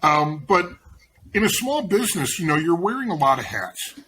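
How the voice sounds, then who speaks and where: Man, business coach guest, rambling, restarts a lot, slightly higher voice, faint background hiss. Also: sing-song, moderate pace, bright, forceful tone, poor audio. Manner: rambling, many restarts and fillers. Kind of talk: casual interview conversation.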